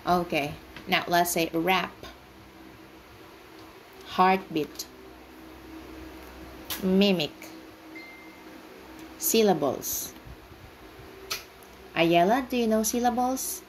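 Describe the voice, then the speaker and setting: A woman's voice: fairly low pitch, extremely slow, long pauses, slight background noise, low-quality recording. A woman teaching an online English class, patiently explaining words and breaking them into syllables. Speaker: ESL teacher.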